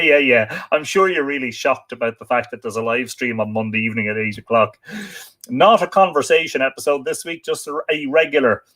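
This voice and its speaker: A man's voice: medium pitch, fairly bright tone. An Irish man hosting a live stream from his home library, reading out viewer comments in a chatty, teasing way with frequent fillers. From Ireland.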